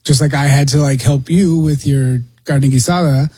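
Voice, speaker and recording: Raspy mellow-voiced male co-host. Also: fairly high pitch, steady tone, moderate pace, no room sound. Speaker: radio co-host. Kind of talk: casual radio banter.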